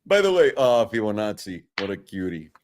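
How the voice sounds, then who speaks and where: A man's voice: lowish voice, sing-song, normal speed, a little mellow, slight background noise. A man hosting a trading stream, chatting casually, joking and laughing often between comments. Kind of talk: casual chat and market commentary.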